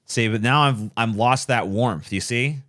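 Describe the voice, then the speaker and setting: A man's voice: medium pitch, a little slow, fairly bright tone. A man streaming late at night, chatting casually in a rambling, profane, self-deprecating way.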